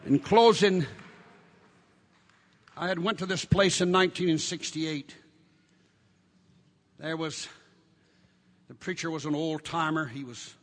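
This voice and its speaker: An older man preaching a sermon, shouting his lines in Pentecostal style and dropping low when telling a story. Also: in a large hall. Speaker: pastor.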